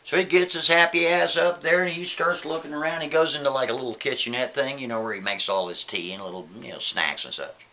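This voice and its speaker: A man's voice: mid-range voice, fast, pushed and bright. A man telling a spooky story in a casual way, often checking in with the listener. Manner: casual, keeps asking "right?".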